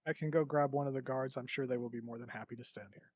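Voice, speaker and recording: A man's voice: medium pitch, fairly even intonation, quick pace, no echo, highs cut off. Earnest man playing a tabletop game. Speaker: player. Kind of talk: tabletop role-play chat.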